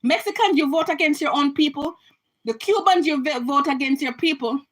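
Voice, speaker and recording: High-voiced Jamaican woman ranting. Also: normal speed, poor audio. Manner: emphatic and repetitive, with frequent restarts. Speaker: vlogger. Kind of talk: impassioned political rant to camera.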